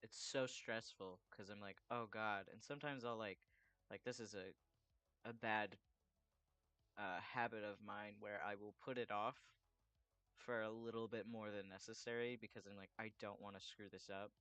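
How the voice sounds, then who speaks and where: Rambling, bright-voiced man chatting while drawing. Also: lowish voice, fairly even intonation, normal speed, no echo. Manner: rambling, chatty, swears freely. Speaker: artist drawing commissions. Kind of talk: casual chat while drawing.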